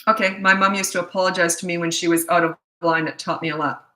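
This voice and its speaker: A middle-aged woman coaching parents, blunt and chatty as she slips from advice into family stories. Her voice is bright and forceful and sits on the low side for a woman. The room around her is echoey. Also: steady tone, quick pace. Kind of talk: casual advice talk.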